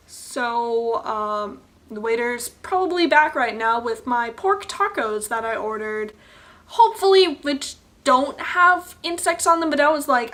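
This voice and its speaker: Bright, high-voiced young woman venting. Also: takes it slowly. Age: young adult. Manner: exasperated, swears often, rambling restarts. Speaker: vlogger. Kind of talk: ranting to camera. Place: resort hotel room.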